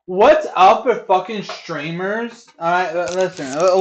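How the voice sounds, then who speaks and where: A man streaming live, reacting in a heated, profane rant that keeps bursting into shouting. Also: sits high, a little slow.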